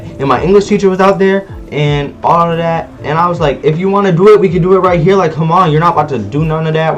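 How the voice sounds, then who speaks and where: A teenage boy spins a school drama story in a casual vlog, slangy and animated, jumping into quoted lines. His voice sits a little high. Soft music plays faintly underneath. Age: teens. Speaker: vlogger.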